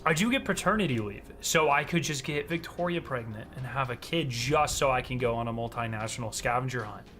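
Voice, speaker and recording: A young man chatting casually on a gaming stream, ranting and swearing with animated energy. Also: medium pitch, a little fast, few pauses, faint music behind.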